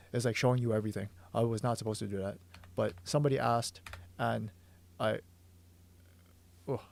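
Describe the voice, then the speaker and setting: A man working as a manga artist who thinks aloud while drawing on a stream, eager and full of stumbling restarts, hoarse from losing his voice. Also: mid-range voice, a little mellow. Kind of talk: livestream drawing explanation.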